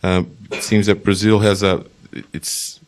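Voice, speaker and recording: Very deep, flat-voiced man asking a question. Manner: hesitant, halting delivery. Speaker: audience member asking a question. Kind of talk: audience question.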